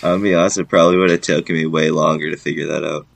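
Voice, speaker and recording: A man's voice: extremely low pitch, level tone, racing, creaky. A young man in casual podcast chat, making dry, teasing remarks.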